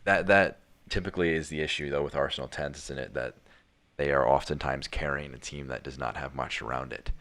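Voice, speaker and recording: A man's voice: extremely low pitch, fairly quick, a bit bright, soft background music. A young man co-hosting a casual football chat, rambling with lots of restarts. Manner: rambling, many restarts and fillers. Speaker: podcast co-host.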